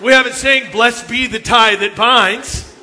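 A man, telling funny youth ministry stories in an animated sermon talk. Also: very high voice, a little slow, a little hiss or hum. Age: 50s. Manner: animated storytelling, jokes with the audience. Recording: long hall reverb.

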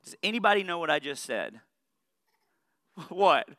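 Man, thirties, from Saline County, pastor, sermon, storytelling with humor, fairly high pitch, dry sound. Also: expressive, unhurried, sharp tone, no echo. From Saline County, United States. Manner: earnest preaching that shifts into humorous storytelling.

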